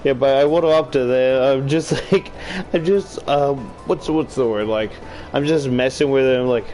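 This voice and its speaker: A man's voice: medium pitch, unhurried. Rambling, swearing young man. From Australia. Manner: rambling, swears often, rises loud when worked up. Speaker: YouTuber. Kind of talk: casual gaming stream chat. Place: home room while gaming.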